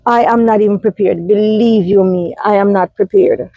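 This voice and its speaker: Jamaican lady vlogging in her car on a handheld phone, warm mellow voice, dry close sound, keeps repeating herself. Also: mid-range voice, fairly even intonation, moderate pace, no room sound, highs cut off. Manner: emphatic, repetitive, many fillers. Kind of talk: casual vlog talk. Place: inside a parked car. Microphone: phone held in hand.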